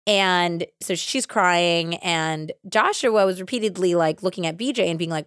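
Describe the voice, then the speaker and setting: A woman hosting a true crime podcast, casually retelling a case with animated acted-out quotes and lots of "like". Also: on the low side, normal speed, no echo, studio quality. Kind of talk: casual storytelling.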